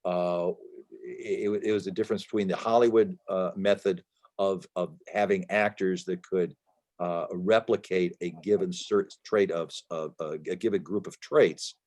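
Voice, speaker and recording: A man's voice: low-pitched, fairly even intonation, normal speed, darkish tone. A man answering interview questions as an author over a video call, talking at length with emphasis, frequent restarts and fillers. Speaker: author guest.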